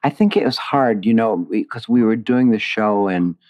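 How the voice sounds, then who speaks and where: A man's voice: on the low side, moderate pace. A middle-aged man from the United States, a playwright guest telling stories with feeling and frequent restarts. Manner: animated, emotional storytelling with many restarts. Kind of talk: conversational interview.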